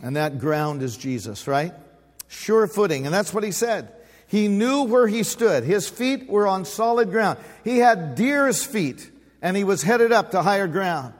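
Older man, sixties, higher voice, folksy joking pastor preaching in a reverberant hall. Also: lively intonation, unhurried. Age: 60s. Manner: folksy, humorous storytelling with call-and-response. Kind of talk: sermon. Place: church sanctuary.

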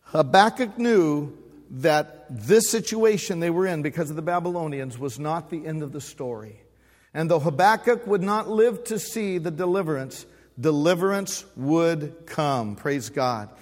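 Older man, sixties, higher voice, folksy joking pastor preaching in a reverberant hall. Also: lively intonation, unhurried. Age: 60s. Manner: folksy, humorous storytelling with call-and-response. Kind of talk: sermon. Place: church sanctuary.

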